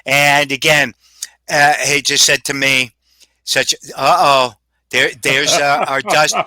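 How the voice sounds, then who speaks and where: A man's voice: fairly high pitch, steady tone, slow pace, pushed and bright, no room sound. A man telling stories as a guest, rambling and salty, swearing freely. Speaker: paranormal investigator guest. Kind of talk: casual storytelling.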